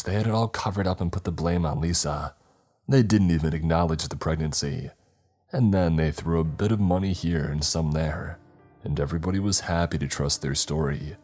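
A man voicing a stern older father who gives gruff commands, in a very deep voice. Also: a little mellow. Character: stern older father, former policeman, angry.

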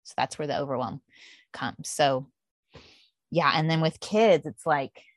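A middle-aged woman with a slightly low voice tells lively stories in a relaxed interview. She slips into quoting her own past thoughts. The sound is dry and close to the mic. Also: measured pace, no room sound. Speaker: podcast host appearing as guest. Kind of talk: candid conversational interview.

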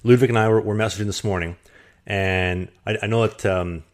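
A man's voice: lowish voice, steady tone, fairly quick. A man hosting a casual podcast, joking and rambling in a self-mocking way. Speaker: podcast host.

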